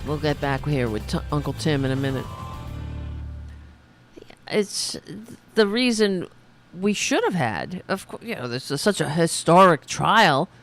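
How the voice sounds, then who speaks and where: Woman ranting angrily with lively pitch. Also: a little slow, soft background music. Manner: angry, profane ranting. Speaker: podcast host. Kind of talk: political commentary podcast.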